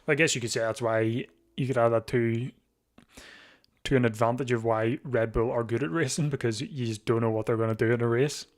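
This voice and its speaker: A man's voice: medium pitch, steady tone. Sleepy man chatting through a bike race. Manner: chatty, thinks aloud with restarts, quick to laugh. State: sleepy, keeps yawning. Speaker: live stream host. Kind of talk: casual race watch-along commentary.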